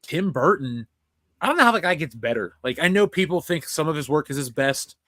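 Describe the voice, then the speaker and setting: A young man co-hosting a casual film review chat, excitable and rambling, swearing freely. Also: fairly high pitch, a little fast, no room sound, clean studio sound. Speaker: podcast co-host.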